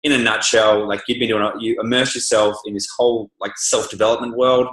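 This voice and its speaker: Male host, relaxed and loose, lowish voice, echoey room. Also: brisk. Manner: relaxed, loose, lots of fillers. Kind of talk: casual call chat.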